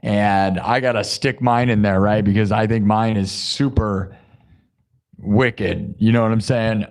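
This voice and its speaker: Excitable rambling man live streaming. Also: fairly low pitch, unhurried, no room sound. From Iowa, US Midwest. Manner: excitable, rambling, boastful, full of restarts. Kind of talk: casual live-stream chat.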